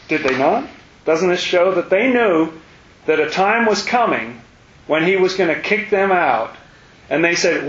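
Animated man leading a Bible study. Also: high voice, measured pace. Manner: animated, exclamatory, rising sharply when excited. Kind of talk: casual Bible study teaching. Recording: dull, roomy, faint hiss.

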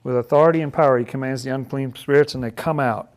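A man's voice: medium pitch, fairly even intonation, fast, a little mellow. A man leading a casual Bible study, chatty and laughing often, who acts out the figures' lines in playful voices.

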